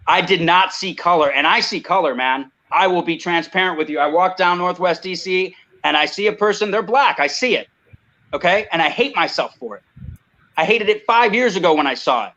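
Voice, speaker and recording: A man's voice: high voice, expressive, a little fast, pushed and bright, dull audio. A man speaking as a guest on a video call, heated and emphatic, often saying "you know" and "I mean". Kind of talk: impassioned video call talk.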